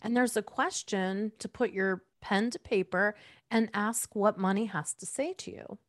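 A woman hosting a podcast interview, telling stories in an animated, giggly way and asking her guest to go deeper. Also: a little slow, no echo, studio quality. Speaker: podcast host. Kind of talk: conversational interview.

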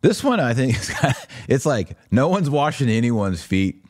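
A middle-aged man hosting a podcast, walking through a series of images with wry, sarcastic commentary and quick put-on voices for the people in them. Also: medium pitch, sing-song, dry recording, clean studio sound. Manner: wry, sarcastic, acts out quoted figures. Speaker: podcast host.

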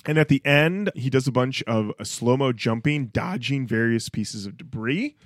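A man co-hosting a podcast in casual chat, retelling scenes with animated little voices. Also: medium pitch, normal speed, dry recording, studio quality. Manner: animated storytelling, acts out bits. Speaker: podcast co-host.

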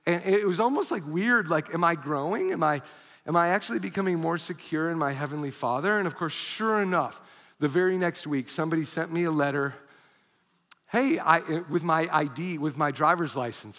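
High bright-voiced male pastor preaching. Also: normal speed, long reverb tail. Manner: animated storyteller, bursts into shouts. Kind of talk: sermon. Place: church auditorium.

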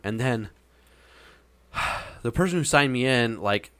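A man's voice: lowish voice, expressive, unhurried, bright, forceful tone, clean tone, dry recording. A man casually telling a long, meandering anecdote with frequent hesitations. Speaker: storyteller. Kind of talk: casual chat.

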